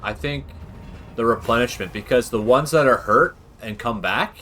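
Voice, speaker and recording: A man's voice: mid-range voice, normal speed, sharp tone, soft background music. A young man, chatting casually over strategy gameplay and drifting into long tangents. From Canada. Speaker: gaming channel host.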